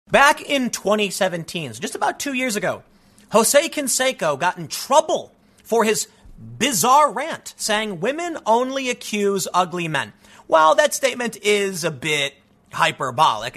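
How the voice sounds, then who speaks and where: A man with a high, sharp voice hosts a solo political commentary show full of opinions. He speaks mockingly and often stammers, repeating words.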